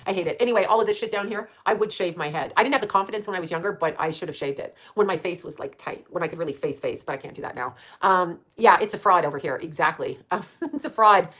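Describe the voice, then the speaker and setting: A woman's voice: fairly low pitch, quick pace, fairly bright tone. A woman around sixty chatting casually on a livestream, rambling and blunt, swearing freely and laughing often as she answers her chat.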